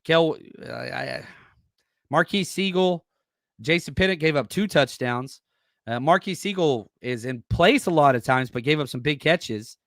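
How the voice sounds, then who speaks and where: A man's voice: fairly high pitch, expressive, unhurried, vocal fry, no room sound. Fired-up man with a dry close voice. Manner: blunt, salty, gets loud and fired up. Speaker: podcast host and former coach. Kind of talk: casual solo football preview reading live chat.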